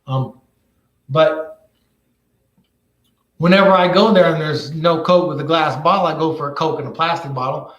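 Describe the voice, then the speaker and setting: A man's voice: a little high, moderate pace, long pauses, fairly bright tone, dull audio. A man who reviews cannabis products, ranting bluntly and swearing constantly in casual talk. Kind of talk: casual profane rant. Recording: echoey room.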